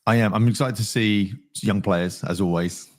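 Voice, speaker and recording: A man co-hosting a fan stream, chatting casually in a relaxed, somewhat rambling way. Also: fairly low pitch, moderate pace. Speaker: co-host fan commentator. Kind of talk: casual chat.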